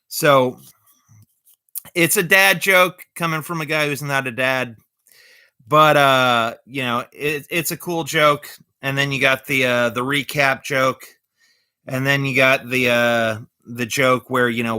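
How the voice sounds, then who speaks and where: Man, slow and bright, rambling casual vlog host, dry close sound. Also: mid-range voice, clean tone, no echo. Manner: rambling, halting, many fillers; corny jokey delivery. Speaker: vlogger showing magic tricks.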